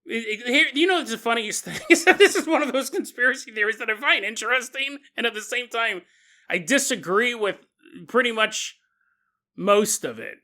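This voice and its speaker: Male podcast host, high bright voice, jokey solo monologue with acted-out asides. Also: normal speed. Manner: animated, jokey, acts out quotes in voices. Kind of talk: comedic conspiracy podcast monologue.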